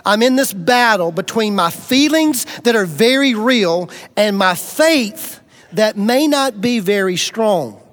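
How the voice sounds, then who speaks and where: A middle-aged man preaching to a congregation, telling a personal story with folksy humor, swinging between loud bursts and quiet intensity. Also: sits high, expressive, slow pace. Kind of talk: storytelling sermon.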